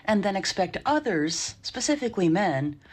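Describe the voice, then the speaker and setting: A woman's voice: medium pitch, very animated, normal speed. A woman narrating commentary in a sardonic, lecturing tone. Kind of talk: scripted narration.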